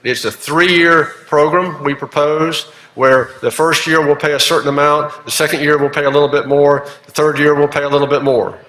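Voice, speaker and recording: A man, a senator presenting a bill on a legislative floor in a measured, explanatory way with plenty of fillers. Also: a little high, fairly even intonation, fairly bright tone. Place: legislative chamber. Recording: echoey chamber with long reverb.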